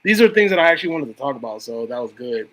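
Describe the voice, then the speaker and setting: A man's voice: medium pitch, big pitch swings, racing, a bit bright, low-quality recording. A young man hosting a live stream, chatting casually about horror movies and swearing freely. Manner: laid-back, swears freely.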